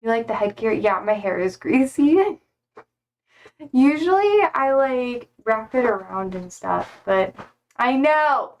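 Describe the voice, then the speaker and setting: Young woman on stream, kinda high voice, laughs a lot and swears, rambly chat with her viewers. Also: expressive, slow pace. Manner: chatty, laughs often, swears casually, talks to chat. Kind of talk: casual live-stream chat. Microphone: streaming setup.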